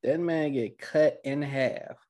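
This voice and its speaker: A young man co-hosting a casual anime recap, playful, putting on high voices for the characters. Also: slow, dark tone. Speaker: anime recap podcast co-host.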